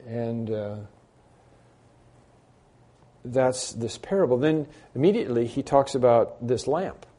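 A man's voice: medium pitch, slow pace, pauses often, mellow. A man preaching an expository sermon in a conversational way, repeating key phrases for emphasis and poking fun at himself. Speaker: pastor.

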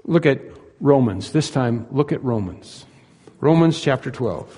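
A man's voice: medium pitch, lively intonation, a little slow, mellow, slightly rough. Earnest preaching man in a reverberant hall. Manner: earnest, emphatic preaching with rhetorical questions. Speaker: pastor. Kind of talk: sermon.

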